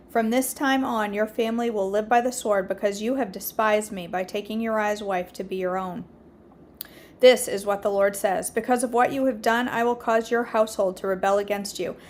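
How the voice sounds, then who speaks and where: A woman hosting a daily devotional reads scripture aloud at an average pitch for a woman. Her reading is steady and earnest, with small slips that she corrects as she goes. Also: a little hiss or hum. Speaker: devotional host.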